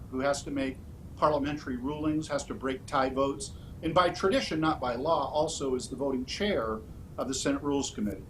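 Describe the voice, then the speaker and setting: Measured man answering as a candidate. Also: on the high side, slight background noise, poor audio. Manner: measured, orderly, with frequent "uh" fillers. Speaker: political candidate.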